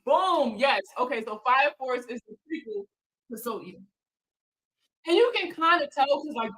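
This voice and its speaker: Her voice is a bit high and fairly bright, captured on a rough recording. A financial counselor running a laid-back live chat, she reads out viewers' comments and answers them, laughing a lot, cursing, and talking in slang.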